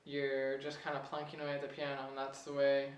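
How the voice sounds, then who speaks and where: A young man giving a casual piano lesson, relaxed and chatty, chuckling at himself now and then. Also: medium pitch, a little fast, far from the mic. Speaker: piano teacher. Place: room with a piano. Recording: echoey room, voice off-mic.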